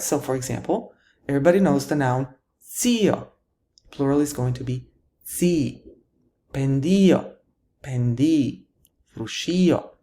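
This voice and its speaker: A woman's voice: very deep voice, darkish tone. A woman teaching a grammar lesson, patiently explaining rules and answering her own questions. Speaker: Italian teacher.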